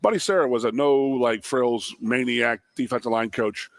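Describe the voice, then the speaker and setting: A man's voice: mid-range voice, moderate pace, dry recording. A middle-aged man co-hosting casual sports radio, telling stories with lots of fillers and repeated words. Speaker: co-host, former offensive lineman. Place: radio broadcast from a restaurant.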